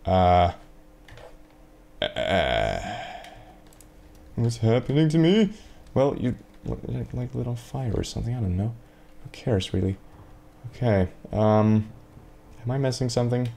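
A man's voice: medium pitch, lively intonation, takes it slowly, gravelly, long pauses, mellow. A man giving sarcastic, rambling gameplay commentary to himself, swearing often, at a desk microphone. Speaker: let's play gamer.

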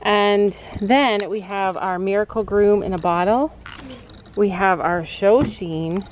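Mom vlogger chatting outside at the barn, kinda dull sound, faint noise behind. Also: female voice, mid-range voice, steady tone, takes it slowly. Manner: chatty, explains gear to viewers. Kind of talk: casual vlog chat. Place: outdoors at a horse barn.

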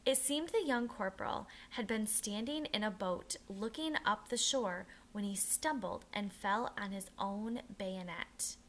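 A woman reads a children's historical novel aloud with an expressive, storytelling delivery. Her voice is bright and clear, at an ordinary pitch. Now and then she stumbles and restarts a phrase. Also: a little slow, hardly any pauses. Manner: expressive, occasional restarts and self-corrections. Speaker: narrator.

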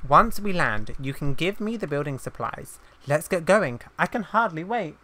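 A woman's voice: deep voice, very animated, moderate pace, bright, forceful tone, full character voice. A woman reading aloud the lines of an eager male viking builder from a game, in her own plain voice.

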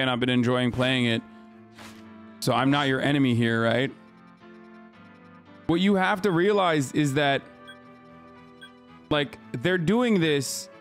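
Male streamer, casual commentary, swearing and ranting, high voice, faint game music. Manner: profane, ranting, exasperated.

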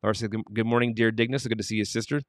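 A man's voice: on the low side, steady tone, rapid-fire, no room sound, clean studio sound. A man hosting a morning livestream, reading out viewer comments with upbeat greetings, then leading an earnest prayer. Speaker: livestream host. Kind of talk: morning show chat and prayer.

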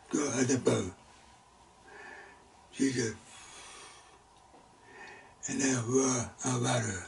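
A man teaching a Sunday school Bible lesson in halting, broken phrases, sometimes bursting out loudly. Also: medium pitch, vocal fry, distant mic, slight background noise. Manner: halting, broken phrases with sudden loud exclamations. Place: church classroom.

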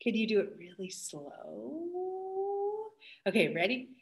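A woman's voice: mid-range voice, animated, unhurried, gravelly, a little hiss or hum. A young woman who is a children's librarian, hosting a story time and cheerfully encouraging young kids.

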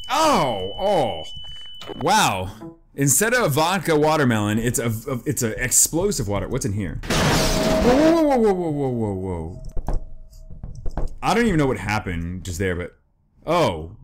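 A man narrates a spooky game as he plays it, his pitch leaping wildly between low mutters and high yelps. He is jumpy and excitable and keeps repeating his exclamations. The recording carries a clear layer of noise. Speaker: gameplay commentator. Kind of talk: horror game let's play commentary.

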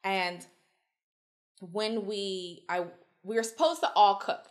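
A woman guest telling stories in casual chat, animated and swearing freely as she acts out quotes. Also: mid-range voice, slow. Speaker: podcast guest.

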